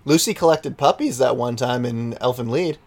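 A woman's voice: rumbling low, moderate pace, darkish tone. A woman joining a casual group chat over an online call, making dry, laid-back remarks.

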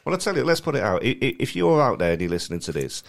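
A man co-hosting a podcast, chatty and animated, laughing often. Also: medium pitch, rapid-fire, gravelly. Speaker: podcast co-host. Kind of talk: casual chat.

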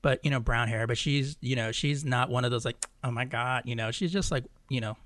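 A man's voice: medium pitch, steady tone, brisk, fairly bright tone, dry recording. A man co-hosting a podcast, telling a rambling story in casual chat, acting out the people in it and laughing along. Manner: rambling anecdote told with acted-out quotes and laughter. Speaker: podcast co-host.

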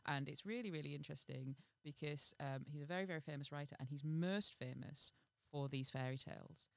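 A woman's voice: low voice, fairly quick, vocal fry. A woman co-hosting a comedy podcast, chatting and laughing as she reads a fairy tale aloud. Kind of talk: casual chat and storybook reading.

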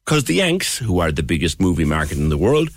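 A man's voice: low voice, big pitch swings, fairly quick, no room sound, clean studio sound. A man with an Irish accent, a radio host chatting in an exasperated, scathing way. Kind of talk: opinionated radio chat.

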